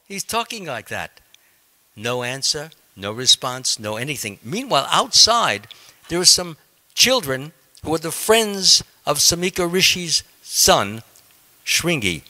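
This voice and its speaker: Man teaching a scripture class, storytelling, animated pitch, bright clear tone, halting with restarts. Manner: halting, with frequent ums and restarts. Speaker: monk giving a scripture class.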